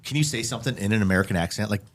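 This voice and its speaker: A man's voice: lowish voice, racing. A man hosting a casual podcast chat, joking and laughing often. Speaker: podcast host.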